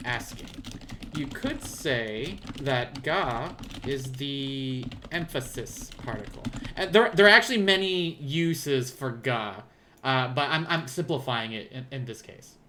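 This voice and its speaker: A man's voice: medium pitch, bright, forceful tone, slight background noise. A man with a Southern US accent giving a casual live-streamed language lesson, rambling and self-deprecating as he thinks aloud. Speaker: language teacher. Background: keyboard typing.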